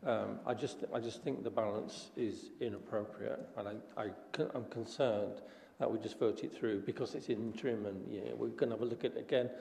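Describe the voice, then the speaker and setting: A man's voice: lowish voice, fairly even intonation, a little fast, gravelly, dark tone. A man speaking as a councillor in a council meeting debate, hesitant and repeating words. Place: large council chamber. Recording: roomy hall reverb.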